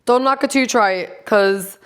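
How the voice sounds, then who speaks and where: A woman's voice: on the high side, normal speed, a bit bright, smooth. A woman in her forties chatting casually to camera, blunt, sassy and full of profanity. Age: 40s. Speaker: vlogger.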